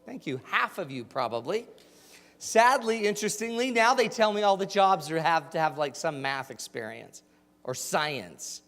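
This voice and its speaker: A man's voice: a little high, moderate pace. A man in his forties from Utah, a motivational speaker telling funny personal stories and quizzing his audience. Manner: animated, jokey, asks the audience questions. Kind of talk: storytelling keynote talk. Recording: hall with long reverb.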